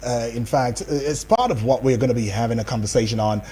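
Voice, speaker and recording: A man with a Nigerian accent hosting a morning radio phone-in, speaking in a measured way with many fillers. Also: mid-range voice, dark tone, breathy edge. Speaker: radio host.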